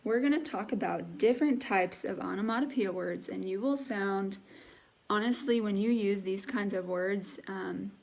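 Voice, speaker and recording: A woman's voice: mid-range voice, gravelly, a little mellow. A young woman teaching a live online English lesson, patiently explaining words and acting out the sounds they describe. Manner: slow, patient, demonstrates sounds aloud.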